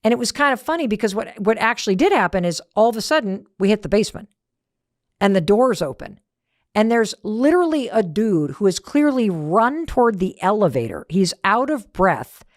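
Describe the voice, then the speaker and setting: A woman's voice: mid-range voice, big pitch swings, moderate pace, dry recording. Woman host, motivational talk, emphatic storyteller, dry close sound.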